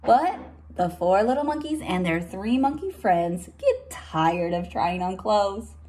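A teacher reading a picture book aloud to young children, pausing to explain words and point at the pictures. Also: female voice, mid-range voice, sing-song, mellow.

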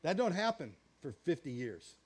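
A middle-aged man preaches from the pulpit in a folksy, joking way. His voice sits high for a man, and he slips into little acted-out quotes as he teaches. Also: very animated, moderate pace, a little mellow. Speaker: pastor. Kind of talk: sermon.

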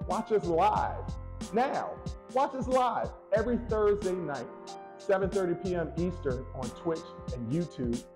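Upbeat man announcing a podcast intro. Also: fairly high pitch. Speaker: podcast host. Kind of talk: scripted show intro. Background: music bed.

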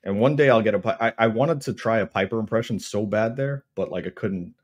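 A man in his thirties co-hosting a podcast, telling stories in quick animated bursts in a casual chat. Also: on the low side. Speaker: podcast co-host.

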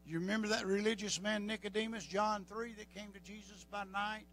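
A man with a Southern US accent preaching a sermon as pastor, folksy, rising to shouts. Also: high-pitched, steady tone, brisk, a little hiss or hum, poor audio.

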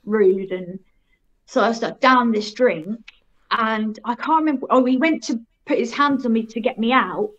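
A woman's voice: a little high, a bit bright. Frank woman, muffled audio. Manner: frank, rambling, laughs at herself. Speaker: guest telling her life story. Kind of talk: casual storytelling.

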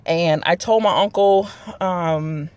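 A woman's voice: fairly low pitch, slow pace, a little mellow, no room sound. A woman, chatting casually to her viewers in a rambling vlog. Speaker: vlogger. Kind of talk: casual chat to camera.

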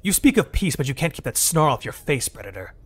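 A man's voice: medium pitch, big pitch swings, quick pace, breathy edge. A man voicing a suspicious male alien who talks in an accusing, sneering way.

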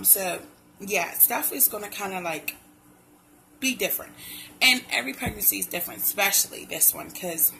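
A woman's voice: medium pitch, vocal fry, pushed and bright, a little hiss or hum, rough recording. A young woman talking casually to her viewers in a pregnancy vlog, loose and chatty, calling them y'all. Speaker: pregnancy vlogger. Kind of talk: casual chat to camera.

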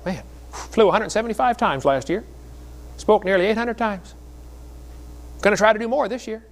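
A man's voice: high voice, moderate pace, long pauses. A middle-aged man preaching a sermon in a folksy storytelling way, with jokes between the stories. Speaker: creationist speaker.

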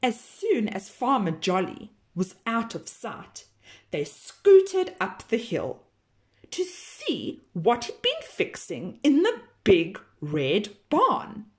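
A woman teacher reading a children's picture book aloud in a slow, expressive storytelling manner. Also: fairly high pitch.

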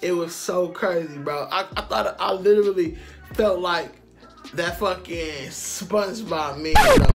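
High-voiced man telling a slangy story. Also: unhurried, creaky, over music. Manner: slangy and profane, with frequent asides to the listener. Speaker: storytime vlogger. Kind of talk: casual storytelling to camera.

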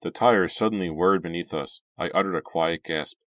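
A man narrating a horror novel as an audiobook, friendly and measured. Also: low-pitched, dry recording, clean studio sound. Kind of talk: reading a horror novel aloud.

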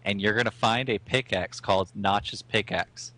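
A man's voice: fairly low pitch, moderate pace, very noisy. A man co-hosting a gaming podcast, enthusiastic and laughing as he tells stories. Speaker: podcast co-host. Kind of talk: casual gaming chat.

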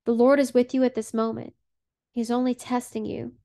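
A woman reading the part of a gentle male preacher consoling a grieving woman. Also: a little high, flat delivery, normal speed, natural voice.

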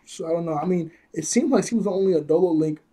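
Guy rambling thru an anime recap, kinda high voice, mellow, laughs a lot. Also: fast talker, slightly rough. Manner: rambling, chuckles often, corrects himself. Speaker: anime episode reviewer. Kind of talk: casual episode recap.

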